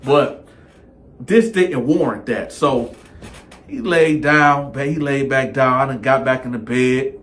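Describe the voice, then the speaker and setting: A man telling a personal story in a casual, animated, conversational way. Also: medium pitch, slow pace.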